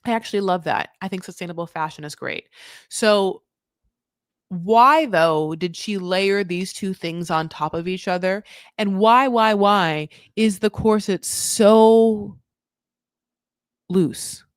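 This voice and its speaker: A young woman recapping a reality show in casual, animated commentary, swearing freely and acting out what the people said. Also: mid-range voice, takes it slowly, clean tone, no room sound, clean studio sound. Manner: chatty, animated, swears, acts out quoted voices.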